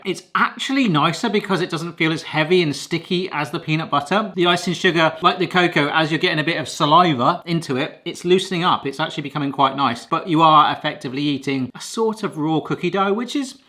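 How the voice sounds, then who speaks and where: A man's voice: fairly high pitch, sharp tone. A man chatting casually through a cooking vlog, jokey and self-mocking as he tests a toy. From England. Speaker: food YouTuber testing a vintage toy.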